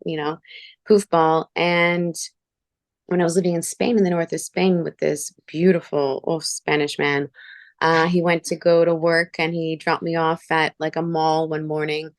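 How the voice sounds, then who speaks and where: A woman with a fairly low voice hosts a relaxed chat show. She tells personal stories with lots of energy and slips into other people's voices as she quotes them. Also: normal speed, no room sound, studio quality. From Canada. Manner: animated storyteller, acts out quoted voices. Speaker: show host. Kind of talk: casual chat.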